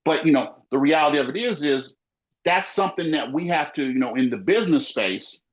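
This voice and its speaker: Man, fairly high voice, emphatic, repeats himself, casual podcast chat, dull lo-fi recording. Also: expressive, brisk. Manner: emphatic, repetitive, says "you know" often. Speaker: small business owner. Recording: muffled lo-fi audio.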